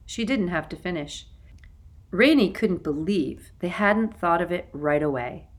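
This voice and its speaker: A woman reading a children's novel aloud as an audiobook narrator, in an expressive storytelling manner. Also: fairly low pitch, measured pace. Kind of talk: scripted narration.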